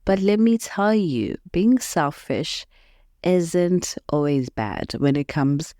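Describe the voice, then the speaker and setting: A woman hosting a motivational podcast, speaking in an unhurried, reflective way and often laughing at her own stories. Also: deep voice, lively intonation, mellow, no echo, studio quality. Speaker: podcast host.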